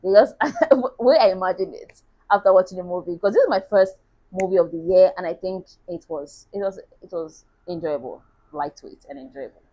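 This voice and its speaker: A woman's voice: on the low side, moderate pace, highs cut off. A woman chatting casually as a book reviewer, laughing at herself now and then.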